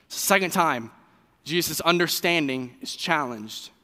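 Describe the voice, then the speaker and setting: Bright-voiced man preaching in a reverberant hall. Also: on the high side, unhurried. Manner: conversational, animated preaching with fillers. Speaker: pastor. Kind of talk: sermon.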